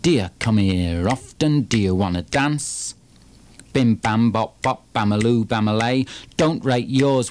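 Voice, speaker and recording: A man's voice: mid-range voice, darkish tone, a little hiss or hum. A man from Yorkshire with a Yorkshire accent, performing his own poems in a punchy, rhythmic chant full of repeated refrains. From Yorkshire, England. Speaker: performance poet. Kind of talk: live performance poetry reading.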